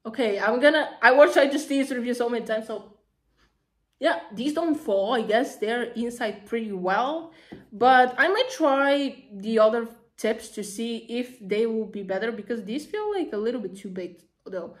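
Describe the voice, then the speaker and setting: Woman, slightly high voice, excitable, chatty, casual unboxing vlog. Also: moderate pace. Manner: excitable, gushing, chatty with fillers. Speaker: vlogger.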